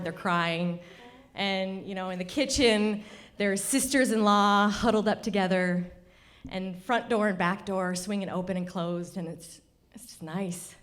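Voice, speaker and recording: A woman's voice: mid-range voice, a bit bright. Wry woman telling a story on stage. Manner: wry and confiding, talks to the audience. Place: stage of a cultural center.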